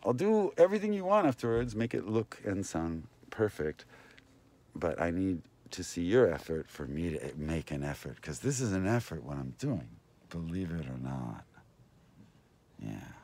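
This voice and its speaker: A man's voice: sits low, big pitch swings, moderate pace, mellow. Man, rambling vlog host, wandering talk, swooping intonation. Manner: meandering, talks to viewers and passersby. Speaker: vlogger and host.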